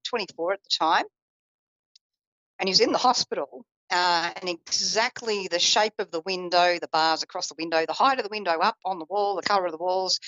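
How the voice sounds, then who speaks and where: A woman's voice: no room sound, lo-fi sound. A woman psychic telling a personal family story on a radio show, acting out the people she quotes. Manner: lively, acts out quoted family voices in a raised pitch.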